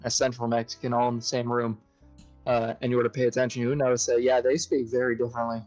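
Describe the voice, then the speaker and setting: A man's voice: mid-range voice, little pitch movement, fast talker, darkish tone, faint music behind, rough recording. A man in casual podcast chat who rambles with many "uh"s and swears freely. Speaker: podcast co-host.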